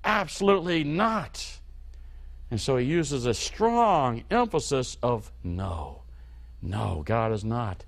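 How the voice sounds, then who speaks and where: A man preaching a sermon as pastor, slow and emphatic, his voice rising on key points and falling low at the ends of phrases. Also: animated, creaky.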